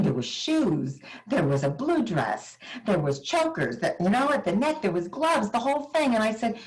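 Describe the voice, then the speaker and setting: An older woman giving a motivational keynote, telling personal stories with dramatic pauses. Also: medium pitch, rough recording. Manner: animated, dramatic storytelling with pauses.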